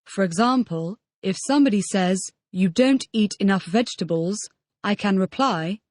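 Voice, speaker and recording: Her mid-range voice has a darkish tone and a moderate pace, with no echo. She reads the model answers for a scripted audio language lesson, repeating each question as a full-sentence answer, as the model student answering drills.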